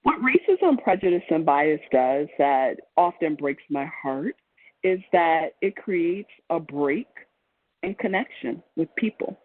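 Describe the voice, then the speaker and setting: A man's voice: fairly high pitch, expressive, slow, no room sound. A man presenting a webinar as a trainer, speaking in a chatty, conversational lecture style with frequent ums and restarts over a video call. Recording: tinny phone-like call audio.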